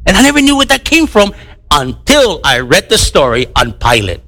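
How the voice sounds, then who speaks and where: Middle-aged male pastor, high lively voice, preaching and playing out his stories. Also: normal speed. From United States. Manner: animated, acts out voices of people in his stories. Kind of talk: sermon.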